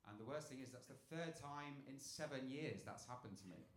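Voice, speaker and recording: A stand-up comedian works a club stage with a handheld mic, delivering dark jokes deadpan at a slightly fast pace. He drops low for setups and gets loud on punchlines, in an echoey room with crowd noise.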